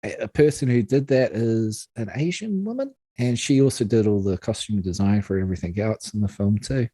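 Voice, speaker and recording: A man co-hosting a casual film review podcast, talking in an animated, exasperated way with plenty of swearing. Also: fairly low pitch, brisk, slightly rough, no room sound. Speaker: podcast co-host.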